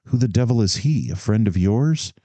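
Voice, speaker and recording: A man's voice: on the low side, expressive, normal speed, dark tone, no echo, pitched above the performer's own voice. A man puts on a stern older boss who speaks in a severe, reproachful, dry way, his voice pushed up above the reader's usual. The recording is close and dry. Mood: gruff.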